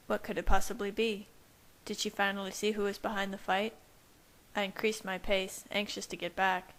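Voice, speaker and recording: A woman reading fanfiction aloud as first-person narration in a steady, even manner. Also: mid-range voice, normal speed, low-quality recording. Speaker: fanfiction reader. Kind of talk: audiobook-style narration.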